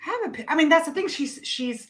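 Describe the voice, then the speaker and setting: A woman coach in casual podcast conversation, animated and freely swearing as she talks. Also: high-pitched, fast, over a noisy crowd.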